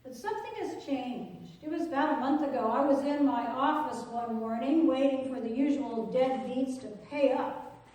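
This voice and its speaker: A woman's voice: sits high, a little mellow, lightly acted. Zacchaeus, a woman playing an anxious male tax collector. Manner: storytelling, halting with repeated words. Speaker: pastor performing a dramatic monologue. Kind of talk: dramatic first-person monologue in worship. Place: church sanctuary. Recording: echoey sanctuary, distant mic.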